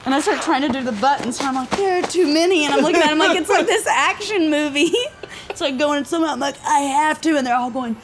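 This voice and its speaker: A woman's voice: high voice, quick pace. A young woman from Tennessee telling a story in an interview, swearing freely and acting out the quoted voices. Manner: profane, animated, acts out quoted voices. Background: background music.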